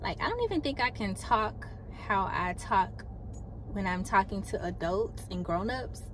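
A woman's voice: mid-range voice, lively intonation, measured pace. A young adult woman vlogging casually, rambling and chatting straight to her viewers. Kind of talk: casual vlog chat. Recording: loud car noise behind.

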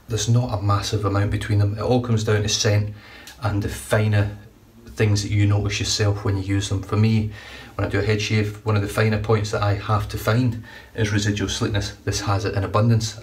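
A man's voice: on the low side, little pitch movement, fairly quick. Chatty man reviewing shaving gear. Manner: enthusiastic, rambling, chatty. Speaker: shaving vlogger. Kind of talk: casual product review. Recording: distant mic, faint room noise.

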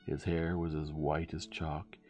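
A man gently reading a bedtime story aloud as the narrator. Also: a bass voice, little pitch movement, measured pace, faint music behind.

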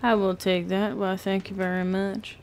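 A woman's voice: medium pitch, flat delivery, normal speed, slight background noise. An American woman chatting playfully and exclaiming while playing an online game. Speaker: gamer. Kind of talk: casual gaming chat.

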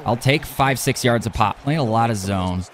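A young man commenting on his own football video game as he plays, excitable and talking to himself, often yelling at plays. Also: mid-range voice, normal speed. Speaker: gaming YouTuber. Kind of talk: live gameplay commentary.

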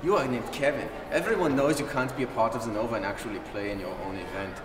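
A man playing a boastful, rude German gamer with a put-on German accent, loud and bossy. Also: medium pitch, quick pace, close to an everyday voice. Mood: gloating. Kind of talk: comedy sketch acting. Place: large convention hall with gaming tables. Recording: echoey hall, mic far off, noisy.

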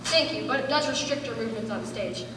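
A woman's voice: fairly high pitch, animated, fast talker, background noise, close to an everyday voice. A woman on stage playing a gloomy young male lead with dry, wry remarks, heard from far off in an echoey hall. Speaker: stage actor. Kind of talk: amateur stage play performance. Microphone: far room mic.

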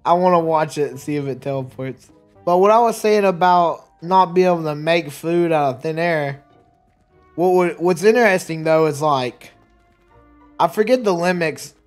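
Casting note: man with a slightly high voice, rambling gameplay chatter, stumbles on words, faint game music behind. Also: normal speed. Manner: rambling, chatty, laughs often, trips over words. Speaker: let's play streamer. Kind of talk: casual gameplay commentary.

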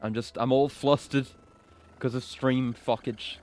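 A man's voice: medium pitch, moderate pace, a little mellow, no echo. A man chatting casually over his gameplay, loose and swearing with self-mocking asides. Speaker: streamer.

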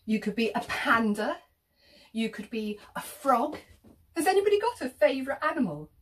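A woman telling an interactive children's story, animated and sing-song, with whispers and gasps for effect. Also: high-pitched, moderate pace, distant mic, a little hiss or hum.

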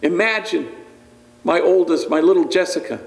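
A man's voice: a little high, lively intonation, normal speed, creaky, echoey room, pitched above the performer's own voice, rough recording. A man voicing a proud, worried father who is a former gang member, tender and pleading in a raised voice.

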